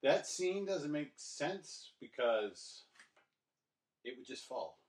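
A man's voice: on the high side, sing-song, slow. A man co-hosting a casual movie chat, easygoing and agreeable, dropping wry asides. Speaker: podcast co-host. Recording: roomy, distant mic.

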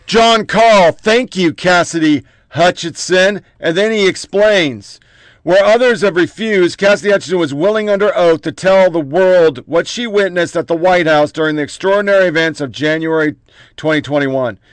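A man's voice: high voice, normal speed, dry recording. A man hosting a political commentary show, reading out headlines in short clipped bursts with profane, mocking asides.

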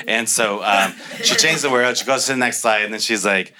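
Guy with a really bright voice, chatty, keeps laughing while telling stories, plays out the dialogue. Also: lowish voice, steady tone, fast talker, hardly any pauses. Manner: laughs often, acts out quoted dialogue. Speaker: interview guest. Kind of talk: casual storytelling.

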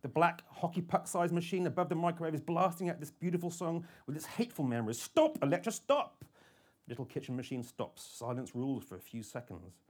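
A man reading a first-person thriller audiobook with an intense delivery that moves between hushed and urgent. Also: on the high side, fast talker, few pauses. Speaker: audiobook narrator.

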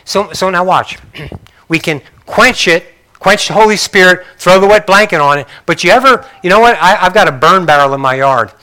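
An older man preaching a sermon in a conversational way, asking the congregation questions and swinging between loud bursts and soft, quiet passages. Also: high voice, normal speed. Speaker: pastor.

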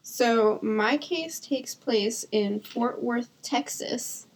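A young woman co-hosts a casual podcast, trading dry, teasing one-liners with her co-host. Her voice sits slightly high. She walks through a story in an easy, conversational way. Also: very slow, poor audio. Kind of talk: casual chat.

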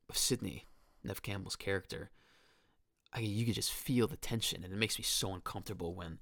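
A man in his twenties hosts a casual podcast, talking through a horror film with rambling enthusiasm, restarting sentences and quoting lines. His voice is low with vocal fry and a slightly bright tone. The studio recording is clean, with no echo.

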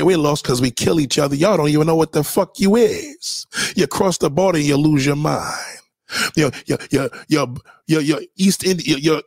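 Gravelly man ranting hard. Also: fairly high pitch, no room sound, studio quality. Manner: profane, confrontational, preachy. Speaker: commentator reacting to a clip. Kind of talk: heated reaction rant.

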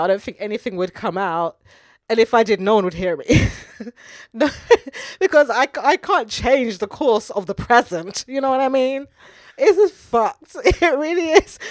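A woman's voice: fairly high pitch, no echo, studio quality. A woman, co-hosting a podcast in casual, swearing chat. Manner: chatty, swearing, laughing. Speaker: podcast co-host.

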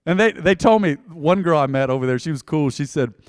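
A man preaching a sermon in a church, conversational and joking, with big swings between quiet asides and loud emphasis. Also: expressive, a little fast, no echo, clean studio sound, big-room sound. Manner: conversational, joking, dynamic swings in pitch and loudness. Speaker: pastor.

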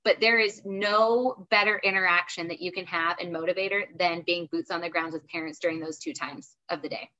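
Middle-aged lady on a podcast, bright punchy voice, kinda dull audio. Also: fairly low pitch, brisk, few pauses. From Arizona. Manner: animated, emphatic storyteller. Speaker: school network director, interview guest. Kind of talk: casual interview chat.

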